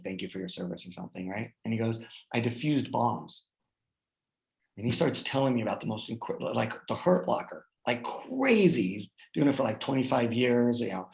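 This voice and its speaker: A man with a gravelly, creaky voice tells a personal story to his guests in an earnest, heartfelt way. He leans on fillers like "like" and "you know" as he goes. The sound is roomy and echoey. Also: medium pitch. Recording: roomy echo.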